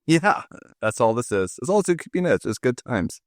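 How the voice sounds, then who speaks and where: A man's voice: mid-range voice, sing-song, moderate pace, no echo, clean studio sound. A man in his forties hosting a podcast, telling stories in a chatty, jokey, self-deprecating way. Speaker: podcast host. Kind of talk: casual storytelling chat.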